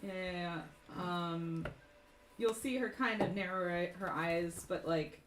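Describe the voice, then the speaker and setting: A woman's voice: on the low side, slow pace, roomy sound, a little hiss or hum, rough recording. Rambling woman dungeon master. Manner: rambling, many fillers. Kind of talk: narrating a tabletop game.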